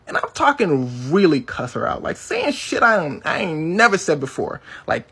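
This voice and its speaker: A man from Africa and the United States telling a profane, indignant story in an animated way. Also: sits high, moderate pace, gravelly, few pauses, husky. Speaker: storyteller in a viral clip. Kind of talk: storytelling monologue.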